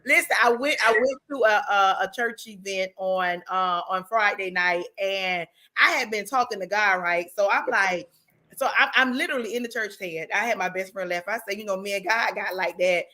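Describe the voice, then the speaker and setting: Emotional woman host with a bright voice. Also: mid-range voice, normal speed, rough recording. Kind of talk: casual talk-show chat.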